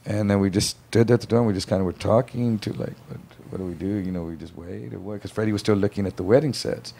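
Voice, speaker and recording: A man's voice: on the low side, fast talker, creaky, dark tone. A man telling a story on a casual podcast, acting out the voices of the people in it. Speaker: podcast guest.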